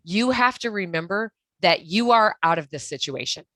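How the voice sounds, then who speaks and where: A woman's voice: medium pitch, lively intonation, normal speed, a bit bright, no echo. Earnest woman giving direct advice. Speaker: guest expert on toxic relationships. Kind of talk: podcast interview.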